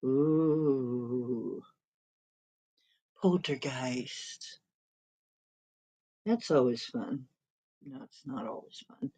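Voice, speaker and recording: A middle-aged woman chats on her live stream at an unhurried, drawn-out pace. She rambles easily and chuckles often as she answers comments and talks to her cat. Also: low voice. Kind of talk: casual chat reading live comments.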